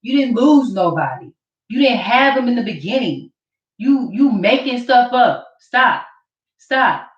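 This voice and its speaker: A woman's voice: on the high side, very animated, normal speed. A woman vlogger ranting to camera in an accusatory, mocking way, repeating her points. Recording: roomy, distant, dull camera audio.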